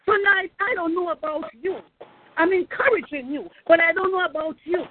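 A woman's voice: extremely high pitch, normal speed. A woman pastor preaching a fervent sermon, repeating phrases and calling out praise. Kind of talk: sermon over a phone line. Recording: tinny phone line.

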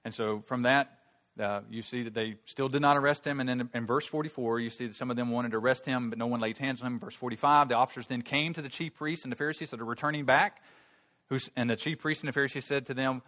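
A man preaching a sermon, shifting from quiet explaining to loud, emphatic outbursts, with frequent restarts and repeated words. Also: mid-range voice, steady tone, fast talker, big-room sound. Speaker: pastor.

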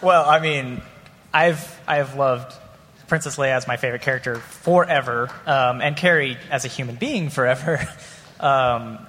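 Man, panel guest, self-mocking and chuckling, mid-pitched voice, reverberant hall. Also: measured pace, fairly bright tone, slight background noise. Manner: self-deprecating, laughing often. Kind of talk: panel discussion. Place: convention panel room.

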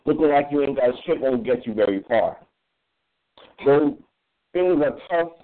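A man reciting spoken word poetry in a measured, earnest way. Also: mid-range voice. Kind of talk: performance poetry. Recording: tinny phone line.

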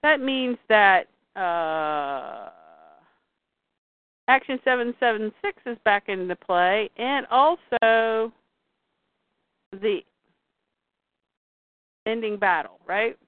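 A woman's voice: medium pitch, very slow, long pauses, no room sound. A woman host animatedly recapping a comic and reading parts aloud in a casual chat. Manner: animated, exclaims at scenes. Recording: dry, tinny phone-like sound.

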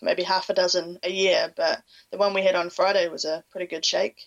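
A woman from New Zealand with a Kiwi accent, a podcast guest chatting in a relaxed, slightly hesitant way. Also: lowish voice, a little fast, gravelly, muffled recording. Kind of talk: casual chat.

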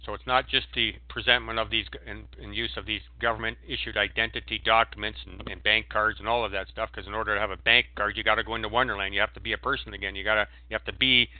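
A man giving a preachy, emphatic monologue as a guest on a call-in show, breaking into sudden loud outbursts. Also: lowish voice, flat delivery, fast, few pauses, no room sound. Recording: tinny phone line, dry.

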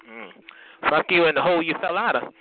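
A man's voice: on the high side, animated, brisk. Profane, taunting man on a tinny phone line. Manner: profane, taunting, confrontational, drawls "honey" and "bitch". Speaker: host of a community call-in show. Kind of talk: heated call-in rant. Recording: noisy phone-line audio.

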